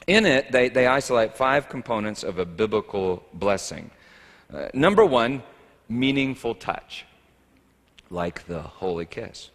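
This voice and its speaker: A man's voice: medium pitch, expressive, measured pace. A man preaching a sermon as a pastor, talking in a wry, conversational and humorous way. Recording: echoey hall reverb.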